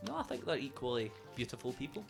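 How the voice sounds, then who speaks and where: A man's voice: mid-range voice, very animated, fast, gravelly. Jokey guy, young, voice jumps around a lot, music in the back. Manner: jokey, slips into put-on accents. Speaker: podcast co-host. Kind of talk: casual chat.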